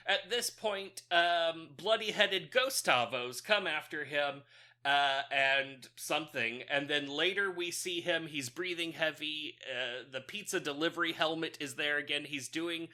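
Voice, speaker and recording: A man's voice: a little high, measured pace, pushed and bright. A man co-hosting a podcast, casually recapping a movie plot in a rambling way with loose fillers and frequent chuckles. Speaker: podcast co-host.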